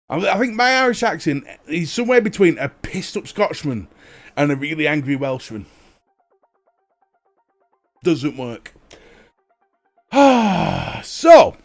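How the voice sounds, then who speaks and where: Animated high-pitched male stream host. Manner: jokey, animated, swears freely. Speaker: livestream host. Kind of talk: casual chat greeting viewers.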